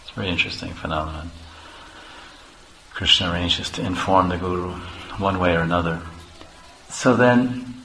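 A man preaching a sermon as a loose, relaxed story, with chuckles and repeated words. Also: low voice, moderate pace, long pauses, roomy sound, a little hiss or hum, rough recording.

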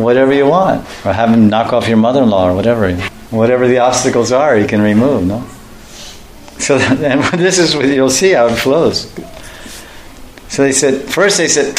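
A man preaching a storytelling sermon, animated and often laughing as he acts out the voices in his story, in an echoey room. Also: medium pitch, slight background noise.

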